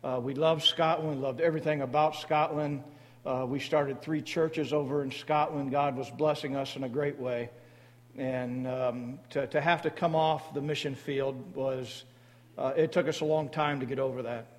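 A man speaking to a church congregation about his mission board, halting often with fillers and restarts. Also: mid-range voice, fairly even intonation. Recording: long hall reverb.

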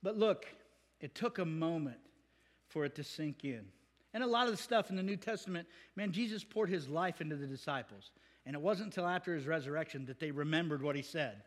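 A man preaching a sermon as pastor, animated and conversational, acting out the people he quotes. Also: a little high, brisk. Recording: long hall reverb.

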